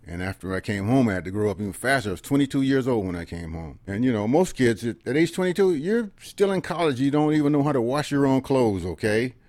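A man in his seventies, a veteran and guest, telling stories in a folksy, earnest way and dropping into quiet asides. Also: medium pitch, animated, fast talker, hardly any pauses, no room sound. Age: 70s. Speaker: guest, veteran and organizer of a history project. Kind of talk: conversational storytelling.

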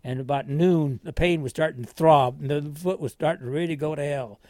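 A man's voice: a little high, a little fast, mellow, no room sound. An older American man, a war veteran, telling his story in a rambling, folksy way with frequent chuckles. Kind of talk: oral history storytelling.

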